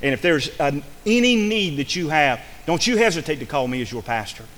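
Fervent preacher in a reverberant hall. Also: male voice, on the high side, very animated, a little fast, a bit bright. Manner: fervent preaching with repeated phrases and restarts. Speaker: pastor. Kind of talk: sermon.

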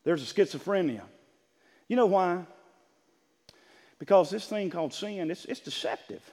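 A man preaching a sermon, moving from quiet talk to shouted passages and acting out what people say. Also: animated, normal speed, long reverb tail. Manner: builds from low talk to shouted preaching, acts out quotes.

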